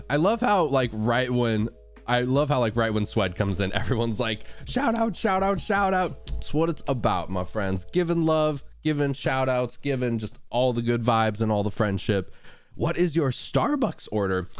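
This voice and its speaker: A man streaming live and chatting casually with his viewers, upbeat and greeting them by name, with his voice cracking today. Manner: upbeat, greets viewers by name with excited high-pitched jumps.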